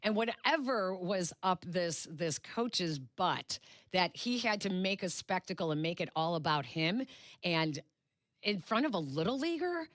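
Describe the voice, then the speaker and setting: A woman co-hosts a sports radio show. She has a lowish voice and is recorded dry on a close studio mic. She tells stories in a chatty, animated way. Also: measured pace, dry recording. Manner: animated retelling, acts out quoted voices. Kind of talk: casual radio chat, storytelling. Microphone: studio microphone.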